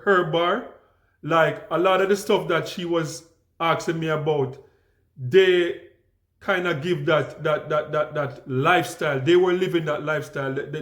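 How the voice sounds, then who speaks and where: A young Jamaican man tells stories to his viewers in a relaxed, unhurried way, full of restarts and fillers. His voice sits a bit high for a man. The room around him rings with echo. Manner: calm, easygoing, frequent restarts and fillers. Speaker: vlogger. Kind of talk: casual storytelling to camera.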